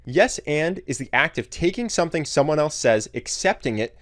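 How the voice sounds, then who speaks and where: A man giving scripted narration, clear and explanatory. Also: fairly high pitch, expressive, normal speed, dry recording, clean studio sound.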